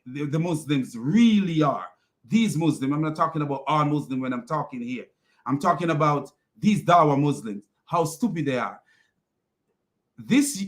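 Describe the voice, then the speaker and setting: A man giving a heated, mocking commentary, laughing often and repeating himself. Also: fairly high pitch. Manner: heated, repetitive. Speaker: online commentator. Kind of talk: casual ranting commentary.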